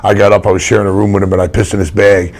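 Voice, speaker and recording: A man's voice: fairly low pitch, flat delivery, very fast, darkish tone. An older man, a retired wrestler telling stories in a casual interview, blunt and rambling with many restarts.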